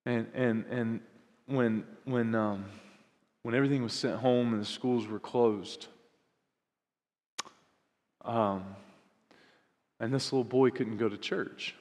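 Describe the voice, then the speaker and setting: A man preaching a sermon, earnest, rising to loud emphatic peaks and dropping to soft, hushed passages. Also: on the low side. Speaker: pastor. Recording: long hall reverb.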